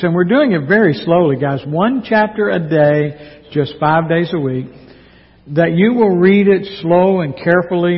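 A man preaching a sermon in an earnest, folksy, slow and emphatic way, sharing the pulpit with another pastor. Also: a little high, slightly rough. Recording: dull lo-fi sound with long church reverb.

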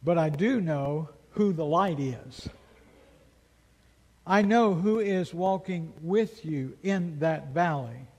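Male pastor, high voice, unhurried delivery, emphatic sermon with rhetorical questions, echoing hall. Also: darkish tone. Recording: long reverb of a large hall.

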